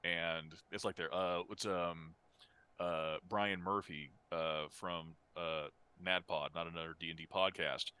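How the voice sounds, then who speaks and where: A man's voice: low-pitched, fairly even intonation, measured pace, pushed and bright, clean tone. A man in casual conversation who talks in a chatty way and trails off mid-sentence. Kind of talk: casual chat.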